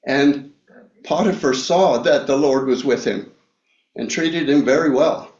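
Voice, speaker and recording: A man preaching a Bible study sermon, talking slowly with many fillers and restarts. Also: medium pitch, darkish tone. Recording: echoey room, dull lo-fi sound.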